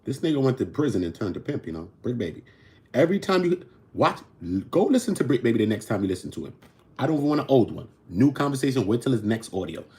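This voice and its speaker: A man from New York with a New York accent hosting a casual commentary show, swinging between loud outbursts and low mutters. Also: sing-song, quick pace. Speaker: host.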